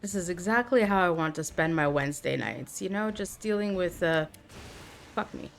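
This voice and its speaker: A woman's voice: on the low side, animated, moderate pace, gravelly. A woman streamer giving live gameplay commentary, muttering reactions and swearing casually.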